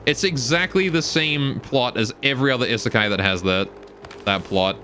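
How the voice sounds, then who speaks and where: A British man whose accent now leans strongly Canadian, streaming a game and chatting loosely as he answers viewers. His voice is bright and forward, and he rambles between tasks. A faint hum of noise sits under his talk. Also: medium pitch, moderate pace. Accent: British, now mostly Canadian. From Britain. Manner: chatty and rambling, reads viewer questions aloud. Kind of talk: casual live-stream chat while playing.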